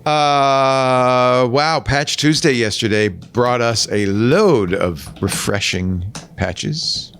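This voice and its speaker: A man's voice: medium pitch, drawn-out words, few pauses, fairly bright tone, a little hiss or hum. A man hosting a tech podcast, jokey and upbeat in casual chat. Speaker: podcast host.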